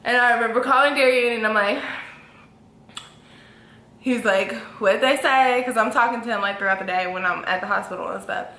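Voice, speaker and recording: A woman's voice: brisk, pauses often. A young woman in her twenties telling a story casually as a vlogger, acting out quotes with big jumps in her voice. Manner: animated, acts out quotes with big pitch jumps. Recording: echoey room with faint ambience.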